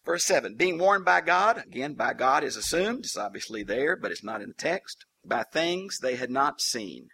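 Gravelly, animated male preacher. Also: medium pitch, normal speed, few pauses. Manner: animated, folksy and humorous, with colloquial asides. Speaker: preacher and Bible teacher. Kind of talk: Bible teaching sermon.

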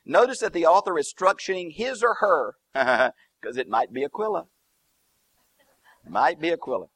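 A man teaches a Bible passage verse by verse, explaining Greek and Hebrew terms through emphatic lists. He's lively, with swooping emphasis on key words, speaking at normal speed in a fairly high voice with no echo.

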